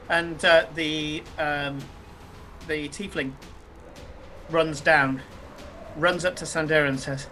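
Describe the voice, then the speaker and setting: Man, game master, halting with lots of uh, bright and tense tone, faint background hum. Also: a little high, steady tone. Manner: halting, many uh fillers. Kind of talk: narrating a tabletop game.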